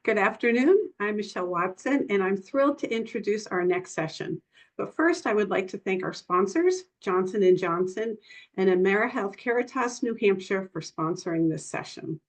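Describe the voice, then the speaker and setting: A woman's voice: medium pitch, lively intonation, normal speed. Woman moderator introducing a speaker. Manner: polite, formal introduction. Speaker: session moderator. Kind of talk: reading a scripted introduction. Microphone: video call.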